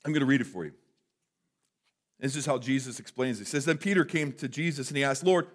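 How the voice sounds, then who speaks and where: Animated man preaching a sermon. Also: fairly high pitch, fast talker. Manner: animated, conversational preaching with dramatic drops to a hush. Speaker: pastor. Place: church sanctuary.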